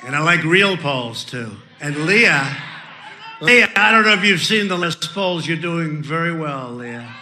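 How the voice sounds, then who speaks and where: A man giving a political rally speech, introducing candidates in a boastful, repetitive, ad-libbing way, shouting his punchlines. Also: on the high side, lively intonation, measured pace, noisy background.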